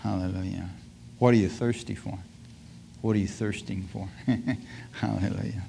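A man's voice: on the low side, normal speed, creaky, slight background noise. A man preaching a sermon to a congregation, often calling out hallelujah and amen, asking his listeners questions and laughing as he goes. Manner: call-and-response asides, frequent hallelujahs and laughs; acts out scripture scenes in lively voices.

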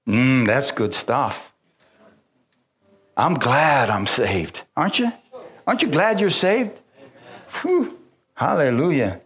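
A man's voice: mid-range voice, very animated, slow, long pauses. A man preaching a sermon, mixing scripture with personal stories, frequent hallelujahs and call-outs to the congregation, and chuckling often. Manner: swings between loud exclamations and quiet asides. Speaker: pastor.

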